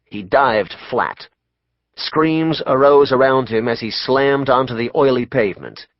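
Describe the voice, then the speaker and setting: A man reading an audiobook in a measured, dramatic narration. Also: mid-range voice, dry recording, lo-fi sound. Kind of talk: scripted narration.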